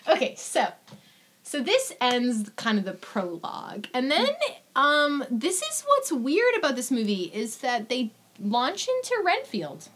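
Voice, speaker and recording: A young woman co-hosting a podcast in casual chat, animated and swearing freely as she acts out lines in voices. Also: sits high, unhurried, husky. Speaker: podcast co-host.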